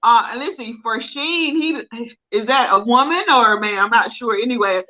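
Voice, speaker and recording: A woman's voice: fairly high pitch, moderate pace, pushed and bright, low-quality recording. A woman hosting a live online interview, reading out viewer comments in an upbeat way. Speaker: host.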